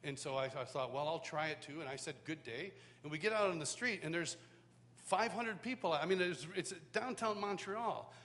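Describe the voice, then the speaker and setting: A man's voice: a little high, brisk, fairly bright tone. A man from the United States giving a personal testimony at a live worship school, in a conversational storytelling way with frequent restarts. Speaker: worship teacher. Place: large hall, live event. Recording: long hall reverb, faint hum.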